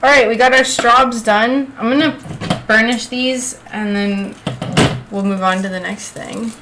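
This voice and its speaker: A woman hosts a relaxed craft livestream from her home workspace and chats with her viewers as she works. Her voice sits a little high and her pace is slow and easy. A faint hum runs behind her. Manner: chatty, reads chat aloud, laughs often. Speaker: livestream host. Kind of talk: casual chat while crafting.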